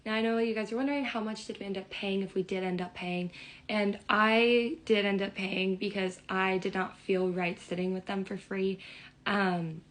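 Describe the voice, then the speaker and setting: A young woman telling a storytime in an excited, rambling way. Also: mid-range voice, moderate pace, low-quality recording. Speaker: vlogger.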